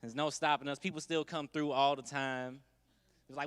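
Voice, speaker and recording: A man's voice: fairly high pitch, level tone, normal speed, fairly bright tone, smooth, big-room sound. A man doing a stand-up comedy set, laid-back and conversational with wry asides.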